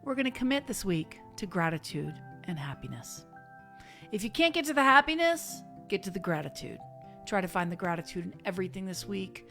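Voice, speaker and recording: A woman's voice: medium pitch, big pitch swings, fairly quick, soft background music. Chatty woman leading a casual online sermon. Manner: warm, chatty, with bursts of fervent exhortation. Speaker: spiritual minister.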